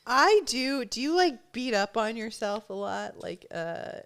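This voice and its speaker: A woman's voice: a little high, big pitch swings, a little slow, gravelly, a little hiss or hum. A woman hosting a podcast in casual chat, speaking candidly and self-deprecatingly, laughing and swearing freely. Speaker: podcast host.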